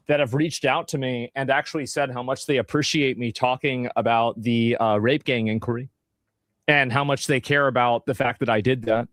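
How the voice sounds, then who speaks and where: A man co-hosting a casual discussion, talking in a measured, hedging way. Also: mid-range voice, fairly bright tone, no echo, studio quality.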